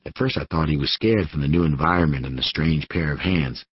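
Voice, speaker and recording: A man narrating an audiobook in an unhurried first-person voice. His voice is extremely deep with a husky grain, recorded dry and close with a somewhat dull, muffled top end. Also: no room sound. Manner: steady first-person storytelling. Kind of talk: scripted narration.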